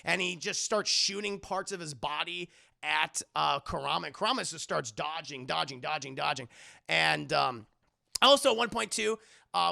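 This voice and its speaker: A man rambles through an episode recap for a live chat, swearing freely and calling out to the viewers. His voice is high and bright with heavy vocal fry, recorded close and dry. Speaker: show reviewer.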